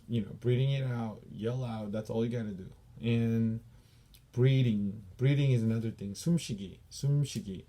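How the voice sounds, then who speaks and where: Here a man's warm, mid-range voice carries a Korean accent as he instructs taekwondo students in dojang terminology. He is patient, slowly repeating each Korean word.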